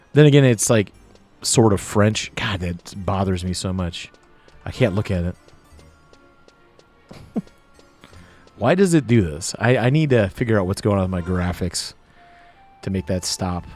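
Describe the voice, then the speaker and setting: A man's voice: fairly low pitch, a little mellow. An American man hosting a let's play, chatting casually over gameplay and laughing easily. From United States. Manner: chatty, giggly and easily amused.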